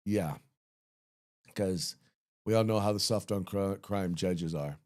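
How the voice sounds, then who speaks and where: A man's voice: on the low side, a little mellow. Emphatic man hosting a political commentary show. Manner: emphatic, opinionated, reads out satire headlines with quick asides. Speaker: podcast host.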